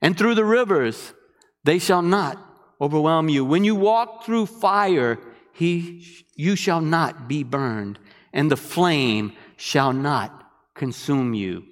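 Slow-talking guy preaching, sings out questions to the crowd, big hall reverb. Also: a little high. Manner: animated preaching with call-and-response questions. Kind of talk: sermon.

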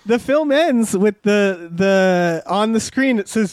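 A man's voice: high-pitched, lively intonation, slow, no room sound. A man co-hosting a casual podcast, reviewing a movie in exasperated, sweary bursts with lots of restarts. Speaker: podcast co-host.

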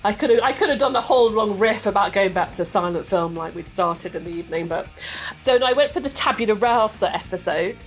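A woman's voice: medium pitch, animated, brisk, faint music behind. A woman chatting enthusiastically as a guest, laughing often. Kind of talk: casual chat.

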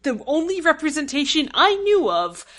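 Rambling, excitable young woman. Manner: enthusiastic, rambling, quick laughs, pitch jumps when quoting. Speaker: podcast co-host. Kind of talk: casual chat.

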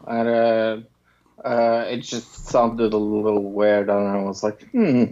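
A man co-hosting a podcast in casual chat, unhurried and laughing along with short agreeing replies. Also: fairly low pitch, completely flat delivery, darkish tone, lo-fi sound. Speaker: podcast co-host.

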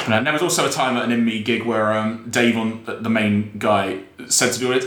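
A young man hosting a podcast, telling stories in a lively way and laughing often. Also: on the low side, brisk, few pauses. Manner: animated storyteller, acts out quotes, laughs often. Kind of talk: casual chat. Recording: roomy echo.

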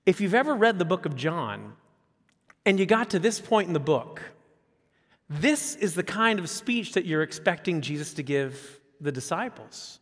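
A man in his fifties preaching a sermon as a pastor, animated, repeating phrases and asking rhetorical questions. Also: sits high, normal speed, pauses often. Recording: long hall reverb.

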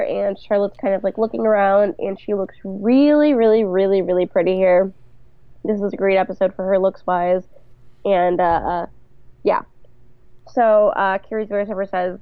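A woman's voice: medium pitch, smooth, no room sound. A woman co-hosting a podcast, recapping an episode in a giggly, rambling casual chat. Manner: giggly, rambling, lots of fillers. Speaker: podcast co-host. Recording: dull lo-fi, dry.

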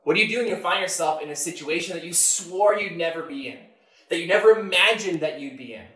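Emphatic high-voiced male preacher. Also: animated, fast talker, reverberant. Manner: emphatic, swings from loud mock-confident to soft and low. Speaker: pastor. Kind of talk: sermon.

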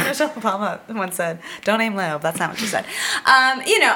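Bright, lively, jokey woman podcaster. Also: medium pitch, moderate pace, a little hiss or hum. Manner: playful, jokey, swears freely. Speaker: podcast co-host. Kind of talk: casual comedic chat.

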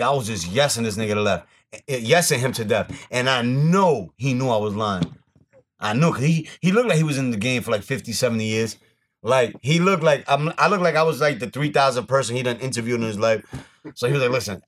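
A young man hosting a casual podcast, telling loud, profane, laughing stories. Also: mid-range voice. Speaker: podcast host. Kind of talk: casual chat, storytelling.

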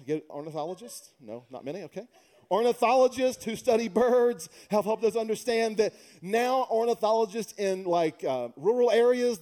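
A man's voice: high voice, warm tone. A middle-aged man preaching a sermon, mixing humorous conversational stories with emphatic preaching. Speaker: pastor.

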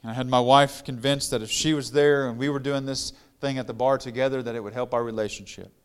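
A middle-aged man, a guest pastor, telling his own story in a conversational sermon and growing louder and more fervent as he preaches. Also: medium pitch, fairly even intonation, fast, smooth.

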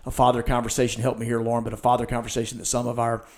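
A man's voice: medium pitch, completely flat delivery, racing, a little mellow. A man hosting a church podcast conversation, talking earnestly and retelling scenes with quoted lines.

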